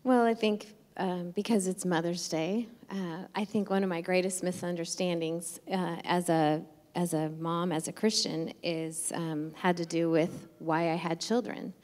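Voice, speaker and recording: A woman's voice: lowish voice, steady tone, measured pace, few pauses, a little mellow. A woman who is a mother, sharing a reflective testimony in a hesitant way with fillers. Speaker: pastor's co-speaker, a mother. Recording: distant mic, long hall reverb.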